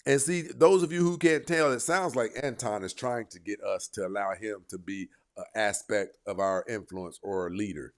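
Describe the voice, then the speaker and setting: A man's voice: lowish voice, normal speed, few pauses. A man hosting an online commentary show, reacting to clips in a heated, emphatic way and repeating points for emphasis.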